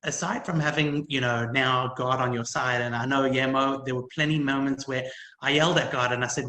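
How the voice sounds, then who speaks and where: A man giving a personal testimony as a panel speaker at a community event, heartfelt and halting, with many restarts and fillers. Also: medium pitch, steady tone, pushed and bright, echoey room, rough recording.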